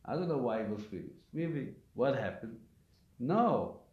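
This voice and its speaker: A man's voice: mid-range voice, sing-song, normal speed. Emphatic man teaching, echoey lo-fi room. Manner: emphatic, storytelling, asks rhetorical questions. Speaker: rabbi. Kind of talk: weekly Torah class lecture. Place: live class in a community center. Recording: echoey room, dull lo-fi sound.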